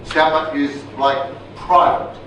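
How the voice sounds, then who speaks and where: An older Australian man giving a talk to a group, chatty and informal, restarting phrases and asking "right?" as he goes. His voice sits a little high, heard from a distance in a very echoey room over steady background noise. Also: slow pace, highs cut off. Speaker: resilience trainer, speaker. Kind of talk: storytelling lecture to a group. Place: training room. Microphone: far room mic.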